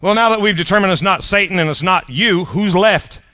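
Bright-voiced pastor preaching, dry sound. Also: male voice, high voice, brisk, no room sound. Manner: animated preaching with playful jabs, repeats words. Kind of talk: sermon.

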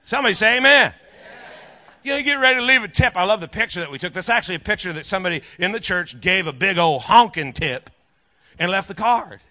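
A man's voice: high voice, lively intonation, fast talker, pushed and bright. A male pastor preaching a sermon, telling a story with animation and calling out to the congregation.

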